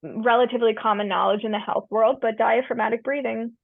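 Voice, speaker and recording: A woman's voice: a little high, steady tone, fairly quick, creaky, no echo. A woman counselor and yoga teacher explaining breathwork as an interview guest, earnest with easygoing slang. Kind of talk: casual interview talk. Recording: tinny phone-like line, dry.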